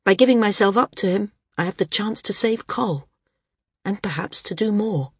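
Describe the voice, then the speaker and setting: A woman's voice: mid-range voice, expressive, normal speed, husky, no echo, studio quality, voice pushed up. A woman voicing a determined woman flyer, speaking in an earnest, resolute way in an audiobook. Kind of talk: audiobook character reading.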